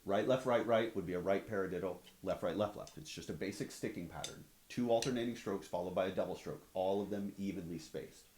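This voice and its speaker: This drum teacher has a low-pitched, slightly mellow voice and talks briskly with few pauses while explaining stick strokes. He counts beats aloud and leans on "right?" tags in a practical, conversational instructional demo. The sound is roomy with slight background noise, and drums and clicks are heard behind his voice.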